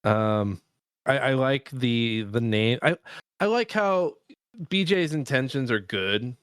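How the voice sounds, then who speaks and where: Man with a smooth voice chatting on a podcast. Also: medium pitch, animated, slow pace, a bit bright, dry recording, clean studio sound. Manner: swears freely and laughs while talking; rambling, many restarts and fillers. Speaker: podcast co-host. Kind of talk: casual chat.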